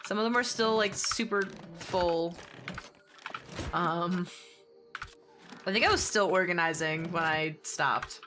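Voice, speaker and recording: A woman's voice: on the low side, takes it slowly, pauses often, background noise. A young adult woman chatting casually with her viewers on a game stream, swearing and laughing often as she answers chat. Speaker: gaming streamer.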